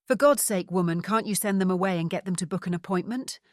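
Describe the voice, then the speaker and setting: A woman voicing a gruff, impatient lord in his sixties, who is hard of hearing, in an audiobook. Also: on the low side, fast, no room sound, studio quality, close to an everyday voice. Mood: irritated. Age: 60s.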